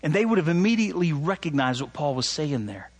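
A pastor with a husky, slightly high voice preaches at a quick pace, his animated delivery rising loud on points of emphasis. He often asks his listeners "right?" and mimics sarcastic tones when quoting people.

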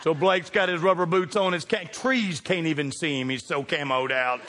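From the pulpit, a pastor with a high voice for a man delivers a humorous storytelling sermon at a moderate pace, animated and joking. He slips into hushed asides, then bursts out loudly to work the congregation, his words carrying a long reverb through a large sanctuary with a little hiss or hum.

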